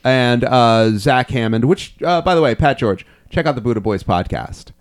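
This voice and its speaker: Man, young adult, podcast host, profane rambling chat, middle pitch, dry sound. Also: normal speed, dry recording. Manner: rambling, swears a lot, laughs often.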